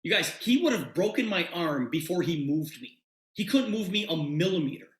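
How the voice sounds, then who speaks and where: Animated man telling a sales story, roomy. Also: on the high side, normal speed. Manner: animated, acts out quoted dialogue. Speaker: presenter pitching a business opportunity. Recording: roomy echo.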